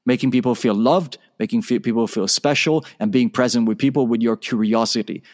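A man's voice: medium pitch, brisk, a little mellow. A man guesting on an interview show tells a story with energy. He acts out the conversation, switching between his own lines and the other person's.

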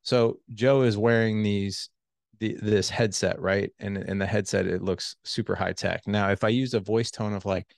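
Low gravelly-voiced man giving relationship advice. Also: normal speed, no room sound, clean studio sound. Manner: animated, acts out voices of his wife and himself. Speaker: relationship coach. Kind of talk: podcast interview, advice.

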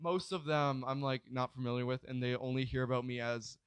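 A young man telling a story in casual chat, rambling, swearing freely and filling every pause with "like". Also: medium pitch, fairly even intonation, smooth, no echo. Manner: rambling, swears a lot, fills with "like".

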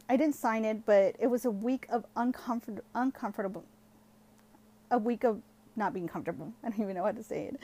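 A woman's voice: on the high side, dark tone. A young woman telling a personal story in a casual, chatty way, full of "like" and switching into Spanish now and then. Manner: chatty, heavy use of "like", switches between English and Spanish.

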